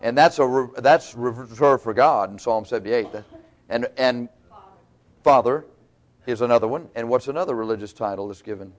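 This male preacher has a medium-pitched voice and a moderate pace. His sermon is folksy and conversational, Bible teaching sprinkled with laughs and asides.

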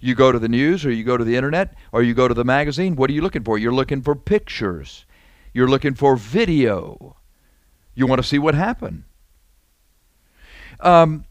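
A male preacher delivering a sermon at a middle pitch, talking to his congregation in an emphatic, conversational way. He repeats his points and keeps asking rhetorical questions. The recording is dry and close, with almost no room sound. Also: expressive, moderate pace, dry recording.

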